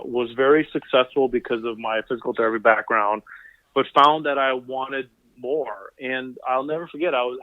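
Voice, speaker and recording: Over a dry, narrow phone line, a man of ordinary middle pitch, a physical therapist guest in a conversational interview, tells animated stories and quotes the people in them using voices. The line sounds thin and tinny, with no room or echo around him.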